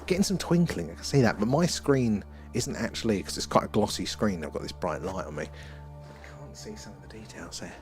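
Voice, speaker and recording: A man hosting a night-time live stream outdoors, rambling excitedly and chatting with viewers. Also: on the low side, fairly quick, faint music behind. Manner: excitable, rambling, talks to chat viewers by name. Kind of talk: live-stream chat and sky-watch commentary.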